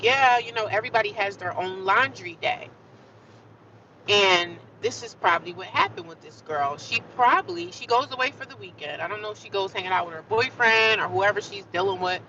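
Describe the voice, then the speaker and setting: A woman tells a long, animated story on a casual livestream and keeps circling back to the same points. Her voice is bright and sharp. She sounds a bit distant on a dull mic, with faint traffic noise from the city around her. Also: mid-range voice. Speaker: vlogger.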